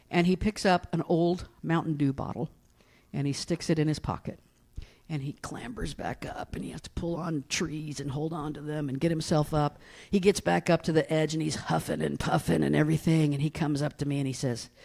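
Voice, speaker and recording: A woman's voice: low-pitched, vocal fry, darkish tone. Middle-aged woman pastor from east tennessee, folksy sermon, keeps asking "right?".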